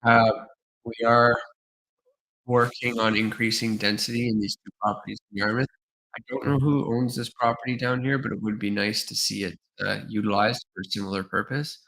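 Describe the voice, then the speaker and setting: A tired man with a fairly low voice hosts a livestream, thinking aloud as he works. He halts often with fillers, and his voice sounds a little worn. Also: steady tone, a little fast, vocal fry, fairly bright tone, rough recording. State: tired, slightly losing his voice. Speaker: livestream host and designer. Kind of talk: casual livestream commentary.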